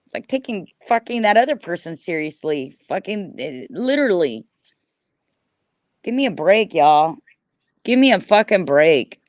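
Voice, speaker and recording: A woman's voice: fairly low pitch, sing-song, unhurried, dry recording, muffled recording. A middle-aged woman hosting a livestream, ranting at her chat in an angry, profane, repetitive way. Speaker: livestream host.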